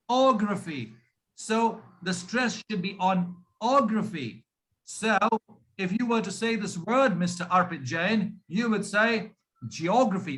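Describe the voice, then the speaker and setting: A man with a notably high, bright voice coaches pronunciation on a video call. He slows down and drags out each demonstration word, patient and deliberate, breaking syllables apart for the learner. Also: slight background noise, poor audio. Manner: slow, drawn-out demonstration of words, patient. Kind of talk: online speaking lesson.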